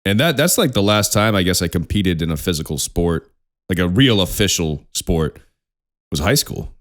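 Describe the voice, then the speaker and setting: A young man co-hosting a podcast in casual chat, animated and profane, laughing often. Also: low-pitched, normal speed. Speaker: podcast co-host.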